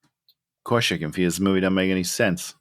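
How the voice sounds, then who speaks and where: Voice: low-pitched, brisk. A podcast co-host in casual movie review chat, making sarcastic, exasperated jabs.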